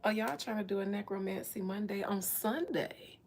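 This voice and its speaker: During a casual livestream, a woman does a spiritual reading and chats with viewers in a playful, slangy way, dropping laughing asides. Her medium-pitched, darkish voice goes at a moderate pace, with a little hiss or hum in the audio.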